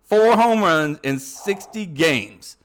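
A man's voice: fairly high pitch, animated, slow pace. A man playing a brash, foul-mouthed cousin with a Southern Alabama accent who curses and stumbles over his words. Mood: rowdy. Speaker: podcast guest character. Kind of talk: comedic improvised character bit.

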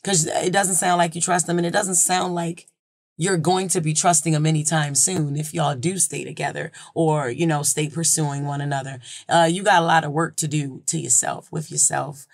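A blunt, streetwise woman giving advice on her podcast, swearing freely and talking in loose, repeating runs. Her voice has a gravelly fry, and it is recorded close and dry. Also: low-pitched, steady tone, moderate pace, no room sound. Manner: loose and conversational, repeats herself. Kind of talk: casual advice chat.

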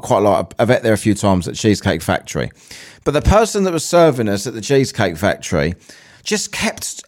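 Male podcast host, casual rambling monologue, lively swinging pitch, mid-range voice. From England. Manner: chatty and sweary, wanders between asides. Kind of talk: casual solo podcast chat.

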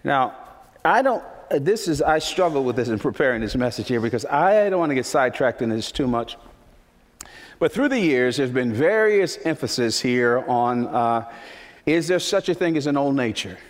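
A man's voice: mid-range voice, animated, normal speed. A man preaching a sermon as pastor, emphatic, repeating key phrases for effect. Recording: long reverb of a large hall.

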